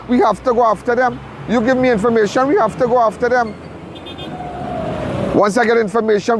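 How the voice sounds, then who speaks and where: A man's voice: sits high, slight background noise. A man hosting a crime show, giving urgent, repetitive live commentary from a crime scene.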